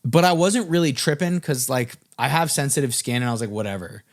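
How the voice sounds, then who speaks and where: A man's voice: mid-range voice, brisk. Casual young man telling a story. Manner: casual, filler-heavy, swearing. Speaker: music business coach.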